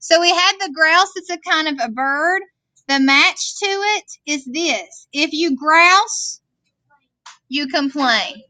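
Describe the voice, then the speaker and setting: A woman's voice: high voice, expressive, slow pace, sharp tone, dry recording. A woman teaching a vocabulary lesson, patiently explaining words and checking in with "okay?". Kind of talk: classroom worksheet lesson. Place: classroom screen recording.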